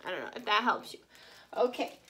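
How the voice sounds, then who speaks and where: A woman teaching a Spanish class to children on video, saying each word slowly and carefully and cheering the class on. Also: medium pitch, big pitch swings, pushed and bright. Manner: slow, careful modeling of Spanish words; cheerful, encouraging teacher talk. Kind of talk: recorded online class for children.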